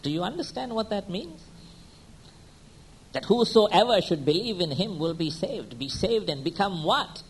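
A man preaching a sermon who keeps asking his listeners pointed questions and checking in with "hmm?", moving between quiet, slow lines and sudden loud, high-pitched bursts. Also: big pitch swings, a little hiss or hum, poor audio.

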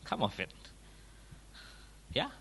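A man preaching a sermon, driving his points home with rhetorical questions and quick checks like "huh?" and "yeah?", his volume rising and falling for emphasis. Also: bright, forceful tone, slight background noise. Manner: emphatic, swings between raised and dropped volume.

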